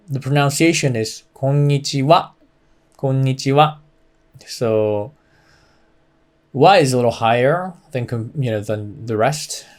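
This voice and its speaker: Slow, patient male language teacher. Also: mid-range voice. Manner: slow, patient explaining with many fillers, models phrases clearly. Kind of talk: beginner language lesson.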